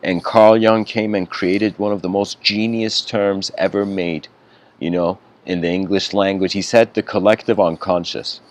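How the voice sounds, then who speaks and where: A man's voice: deep voice, little pitch movement, unhurried. A man giving a spiritual lecture, telling a story in a casual, conversational way with frequent asides.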